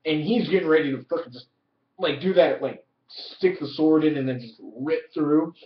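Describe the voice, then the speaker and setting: A man giving a casual spoken review of a TV episode, excited and profane, leaning heavily on "like". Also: fairly high pitch, moderate pace. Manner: excited, profane, heavy use of "like". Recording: roomy, distant, dull lo-fi audio.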